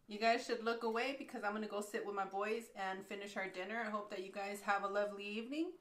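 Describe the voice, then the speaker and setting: A woman with a Texan accent talks viewers through a home recipe in her kitchen. Her delivery is chatty and easygoing, like a friend at the stove, sitting at a middle pitch. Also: steady tone, quick pace. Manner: chatty, easygoing step-by-step instruction with soft laughs. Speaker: cooking channel host and mother. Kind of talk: home cooking tutorial.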